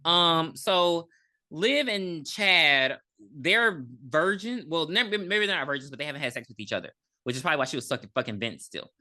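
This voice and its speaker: A woman's voice: low voice, lively intonation, normal speed, sharp tone. A woman co-hosting a podcast, chatting casually about a film, blunt and profane as she picks at details. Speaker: podcast co-host. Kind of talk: casual movie recap chat.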